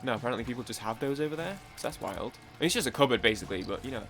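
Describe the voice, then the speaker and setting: A man's voice: medium pitch, expressive, rapid-fire, a bit bright. Rambling young British man gaming. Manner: rambling and chatty, full of fillers and swearing. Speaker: gaming YouTuber. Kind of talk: casual let's-play commentary.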